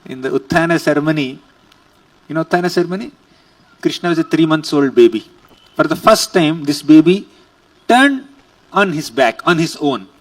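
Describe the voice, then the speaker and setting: A man's voice: on the high side, lively intonation, normal speed, long pauses, no echo, recorded from a distance, rough recording. A man as a spiritual teacher, giving a scripture lecture and telling stories emphatically, sometimes chanting verses.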